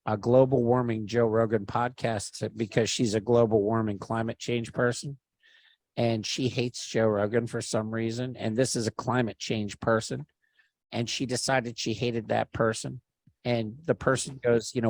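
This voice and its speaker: A man in the middle of a rambling story, cursing all the time and jumping into loud put-on voices whenever he quotes someone. His pitch sits right in the middle for a man, and the mic is close and dry, with no room sound around him. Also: normal speed, no room sound. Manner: animated, swears freely, acts out quotes loudly. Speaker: podcast storyteller. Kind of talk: casual storytelling chat.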